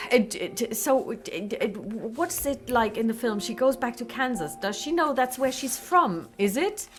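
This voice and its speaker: A woman's voice: a little high, lively intonation, unhurried, hardly any pauses. A woman narrating a tabletop game as game master, with wry, playful asides. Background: music.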